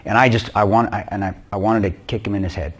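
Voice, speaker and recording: A man's voice: fairly low pitch, fairly even intonation, fast. A man giving a blunt, intense personal war story to a church audience. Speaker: guest speaker.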